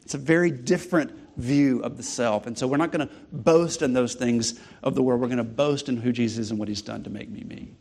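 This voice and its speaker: A man's voice: medium pitch, fairly quick, gravelly, few pauses, a little mellow, slightly rough. A man preaching a sermon, teaching from scripture with emphatic repetition and rhetorical questions. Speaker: pastor.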